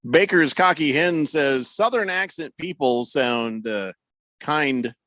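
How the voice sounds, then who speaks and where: Radio host guy, bit higher pitched, teasing his cohosts, dry studio sound. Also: takes it slowly, pushed and bright, dry recording. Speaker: radio show host reading listener messages. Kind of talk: casual sports-radio banter.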